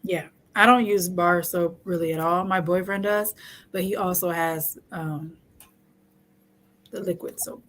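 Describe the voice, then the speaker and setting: A woman's voice: lowish voice, steady tone, unhurried, fairly bright tone, a little hiss or hum. A young adult woman hosting a casual chat, talking frankly and joking, often laughing. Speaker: host.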